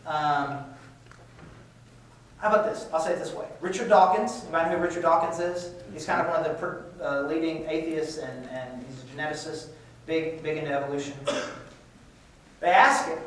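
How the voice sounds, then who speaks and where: A man's voice: fairly high pitch, brisk. A man giving a casual lecture to a class, talking conversationally with frequent restarts. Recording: echoey room, far-off mic, faint hiss.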